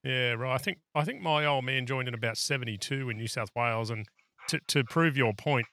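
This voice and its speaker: Man, podcast co-host, short reactions, bright tone, dry close sound. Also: medium pitch, brisk, no room sound. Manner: brief reactive interjections and questions. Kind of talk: casual chat interview.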